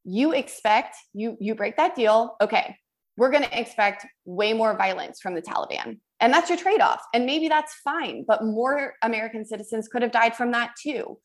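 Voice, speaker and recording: A woman's voice: on the high side, normal speed. A woman co-hosting a podcast discussion, thoughtful and talkative, with many "like"s in her speech. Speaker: podcast co-host. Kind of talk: casual discussion.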